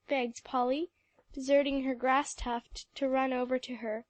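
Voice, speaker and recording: A woman reading a classic children's novel aloud in clear, even storytelling narration. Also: high voice, measured pace, no echo. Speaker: audiobook narrator. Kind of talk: scripted narration.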